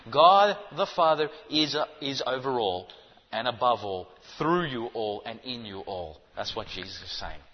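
A man preaching a sermon in an emphatic, insistent way, pressing his listeners with rhetorical questions. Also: a little high. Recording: dull muffled sound with long hall reverb.

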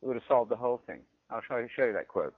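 A man's voice: medium pitch, racing, slightly rough, dry recording. Guy lecturing on theology, keeps asking right?, muffled dry sound. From Britain. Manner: animated, often checks in with "right?". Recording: dull, dry lo-fi recording.

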